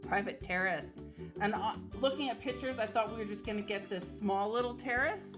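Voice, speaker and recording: A woman's voice: medium pitch, a little fast. A woman travel vlogger chatting casually and enthusiastically about a trip. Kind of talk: casual travel vlog chat. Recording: music bed under voice.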